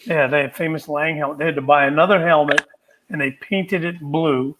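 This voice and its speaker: Halting older man, slightly high voice. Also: steady tone, noisy background. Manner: halting, many "um" and "uh" pauses. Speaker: panel guest, former cast member. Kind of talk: casual storytelling on a video call. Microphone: video call.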